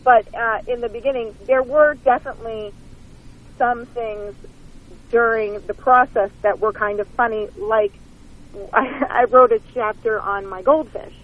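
A woman's voice: on the high side, steady tone, measured pace, phone-quality sound. A woman author calling in as a guest, telling stories candidly with self-mocking humor and frequent laughter. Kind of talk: phone-in interview, casual storytelling. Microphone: phone line.

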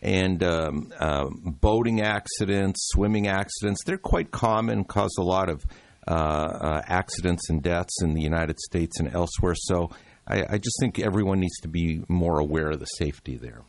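A man hosting a radio health show, easygoing and halting, reading segments with drama. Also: deep voice, no echo.

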